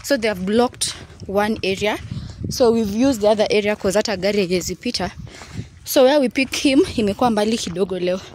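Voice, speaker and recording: A woman's voice: medium pitch, a little fast, darkish tone, a little hiss or hum. A young Kenyan mother chatting casually in a vlog, switching between English and Swahili. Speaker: vlogger mother.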